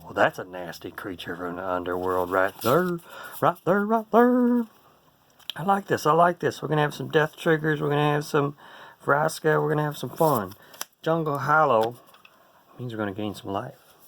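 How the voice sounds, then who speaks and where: A card game player and host casually comments on a playtest, goofing around with jokes and silly asides. His medium-pitched voice is creaky and fairly bright, moving at normal speed.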